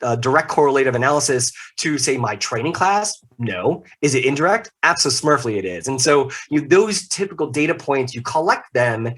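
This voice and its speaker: Animated, emphatic man as podcast guest. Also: medium pitch, normal speed, hardly any pauses. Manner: animated, emphatic, jokey asides. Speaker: podcast guest, leadership consultant. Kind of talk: casual interview talk.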